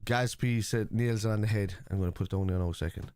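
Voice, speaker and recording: Fast-talking and steady, this Irish football watchalong host has a lowish, darkish voice that sounds clear and resonant, with no room echo. He reads out viewer messages and reacts to the match bluntly, opinionated and cursing freely.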